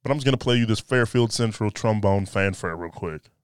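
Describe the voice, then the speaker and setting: A man's voice: lowish voice, a little fast, smooth, no room sound, studio quality. A man hosting a casual solo podcast indoors, talking in a loose, joking, profane and rambling way. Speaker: podcast host. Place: indoors by a window. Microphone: podcast mic.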